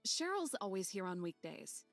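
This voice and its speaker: A woman voicing a deadpan young park ranger. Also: mid-range voice, normal speed, vocal fry, faint music behind. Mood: dry. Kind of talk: reading a visual novel aloud.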